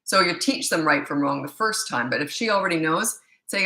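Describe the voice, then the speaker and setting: A woman's voice: low-pitched, animated, fairly quick, hardly any pauses, sharp tone, echoey room. A middle-aged woman parenting coach reading viewer questions and answering them in a blunt, opinionated, casual way.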